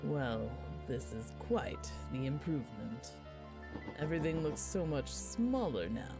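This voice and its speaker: Casting: smug theatrical villain with a low sneering drawl, a woman puts him on, slow delivery, music behind. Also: lively intonation, exaggerated voice.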